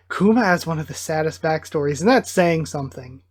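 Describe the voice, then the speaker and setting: A channel host reacting live to a comic chapter, reading parts aloud with excited outbursts. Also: mid-range voice, fairly quick, slightly rough. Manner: excitable, bursts of enthusiasm between plain read-aloud passages.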